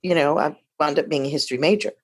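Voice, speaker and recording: Interview guest, woman in her 50s from Detroit, lower voice, chatty storyteller with asides. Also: fast. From Detroit, USA. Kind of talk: casual storytelling conversation.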